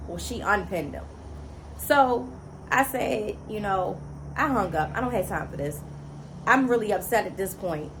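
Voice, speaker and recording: A woman's voice: medium pitch, expressive, measured pace, noisy background. Emotional single mother telling a story. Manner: emotional, emphatic, repeats words for stress; conversational, many "you know" fillers. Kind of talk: personal storytelling to camera.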